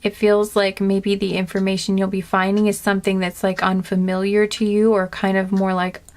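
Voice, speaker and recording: A woman giving a casual spoken tarot reading to her viewers, gentle and earnest, rambling with many fillers and restarts. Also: mid-range voice, monotone, moderate pace. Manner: earnest and emotional. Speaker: tarot reader.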